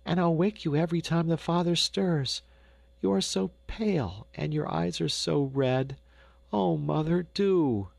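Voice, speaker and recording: A man voicing a frightened, tender little peasant girl in an audiobook, speaking softly and anxiously. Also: a little high, measured pace, creaky, dry recording, pitched above the performer's own voice. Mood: pleading. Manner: pleading, soft and anxious. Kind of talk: audiobook character voice.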